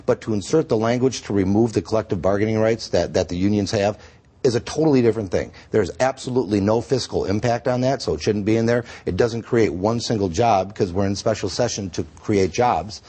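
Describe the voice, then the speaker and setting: A man's voice: on the low side, fairly quick, dark tone, breathy edge. A man, a state senator, giving an earnest and emphatic guest interview on a TV news show in a studio.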